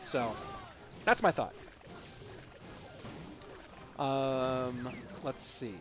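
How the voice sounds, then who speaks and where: A man's voice: mid-range voice, extremely slow, soft background music. A man casting an esports tournament on a live stream, chatting casually and answering viewer questions between matches with plenty of ums and uhs. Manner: casual, answers chat questions with frequent fillers.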